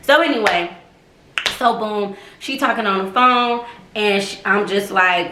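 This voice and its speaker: A young woman on a live stream, telling a personal story in a profane, animated, slangy way. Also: medium pitch, a little slow, background noise. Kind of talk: casual storytelling to a live audience. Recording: echoey room.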